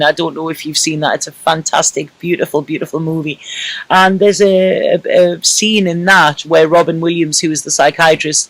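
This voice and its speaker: A man's voice: high voice, no echo. A man giving a casual, emotional tarot reading to camera, reassuring and rambling with many fillers. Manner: emotional and reassuring, full of "you know" fillers. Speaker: tarot reader.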